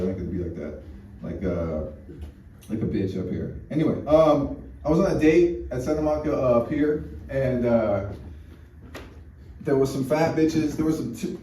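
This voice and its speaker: A warm, mid-range male voice carries a crude, rambling stand-up routine from an American comedian who keeps restarting and leaning on fillers. It's recorded on an echoey room mic from a distance, with faint noise.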